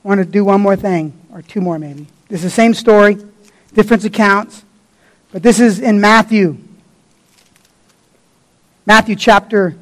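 High-voiced fervent male preacher. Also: rough recording. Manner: fervent, colloquial and blunt. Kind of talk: sermon.

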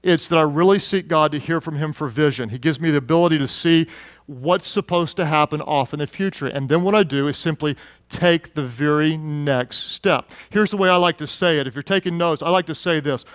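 A middle-aged male pastor preaching a sermon, telling stories with lively acted-out quotes. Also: brisk, dry recording. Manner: animated storytelling, acts out quotes in a high excited voice.

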